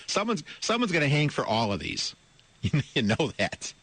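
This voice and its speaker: A middle-aged man with a slightly high, sing-song voice and fairly bright tone reads a news story on his radio talk show at normal speed. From the studio microphone comes amused, incredulous commentary, laughter mid-read, repeated words, and rhetorical questions aimed at his listeners.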